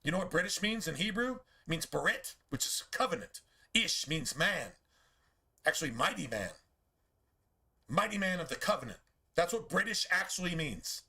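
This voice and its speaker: A man's voice: a little high, sing-song, moderate pace, sharp tone. A man streaming a game, talking in a casual, profane, preachy rant full of rhetorical questions.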